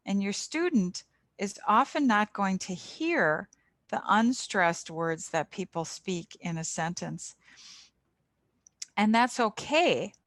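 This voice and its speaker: A middle-aged woman giving an online tutor training over a video call, patiently explaining and slowing down to model pronunciation examples. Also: fairly low pitch, fairly bright tone, no echo.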